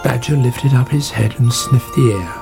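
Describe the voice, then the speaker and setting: A man narrating a children's story in a gentle, even reading voice. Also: mid-range voice, normal speed, creaky. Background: background music.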